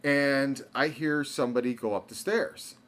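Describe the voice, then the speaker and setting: This young man, a podcast co-host, has a mid-range, fairly bright voice and speaks at normal speed. His casual storytelling wanders, full of stumbles and repeated restarts.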